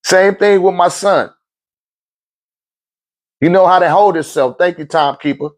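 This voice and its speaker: A man's voice: high-pitched, measured pace. A middle-aged man, giving blunt, profane life advice in a casual monologue and laughing often.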